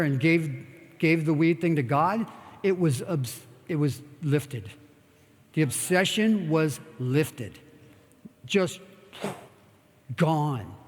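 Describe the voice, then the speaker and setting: Blunt, profane older man in a hall. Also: a little high. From United States. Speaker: guest speaker. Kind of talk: candid live talk with audience questions. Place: expo talk stage in a large hall. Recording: long hall reverb.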